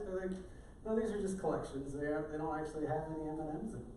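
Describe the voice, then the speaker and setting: Warm and quick, this slightly high-voiced middle-aged pastor delivers his sermon in a relaxed, joking manner. The recording, made from afar in an echoey church sanctuary, carries a faint hiss or hum.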